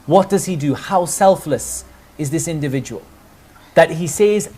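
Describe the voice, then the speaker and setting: A man's voice: on the high side, a little slow, warm tone, breathy edge. A man preaching as he tells a religious story in earnest narration, with rhetorical questions to his listeners. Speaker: Islamic preacher.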